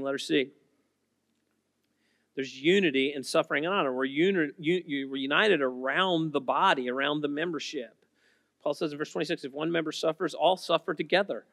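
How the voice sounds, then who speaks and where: Man preaching, high bright voice, emphatic, loud repetition then quiet asides, long hall reverb. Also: studio quality. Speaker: pastor. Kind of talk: sermon. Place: church auditorium.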